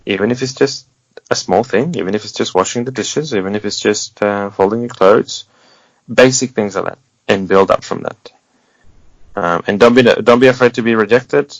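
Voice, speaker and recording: An earnest man appears as a guest on a podcast, giving candid, encouraging advice with wry humor and the occasional restart. His voice is fairly low and his pace moderate. The sound is dull, lo-fi and dry, with no echo.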